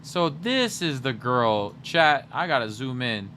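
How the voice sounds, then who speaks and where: A young man hosting a livestream, chatting casually and teasing his viewers in a joking, animated way. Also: medium pitch, slow pace, slight background noise. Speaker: livestream host.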